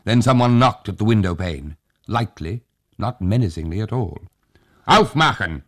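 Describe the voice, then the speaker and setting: A man narrating an audiobook in a measured, steady way. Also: fairly low pitch, dry recording, studio quality.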